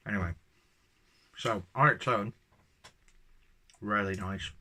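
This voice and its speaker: A man's voice: on the low side, takes it slowly, long pauses, bright, forceful tone. A man giving a casual, enthusiastic beer tasting review, rambling with ums and joking at his own expense.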